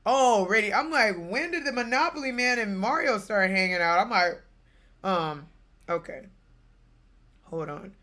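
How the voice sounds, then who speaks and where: A young woman streaming games, telling a family story in a casual, animated way with bursts of laughter. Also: medium pitch, measured pace, long pauses. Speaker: gaming streamer.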